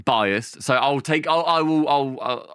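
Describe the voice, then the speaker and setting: A man co-hosting a casual podcast, blunt and jokey, who swears often. His voice is bright and forward and sounds close and dry. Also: fairly high pitch, measured pace, clear, resonant tone, dry recording. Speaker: podcast co-host. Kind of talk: casual chat.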